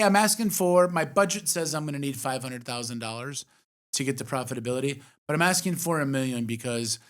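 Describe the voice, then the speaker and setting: A man co-hosting a podcast as an investor, talking frankly with casual swearing and animated asides. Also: medium pitch. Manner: frank, profane, animated storytelling. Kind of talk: casual chat.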